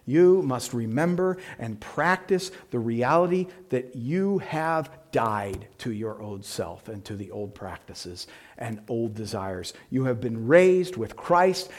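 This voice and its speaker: A man preaching a sermon, earnest, moving between quiet, intense stretches and emphatic bursts. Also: medium pitch, expressive, takes it slowly. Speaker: pastor.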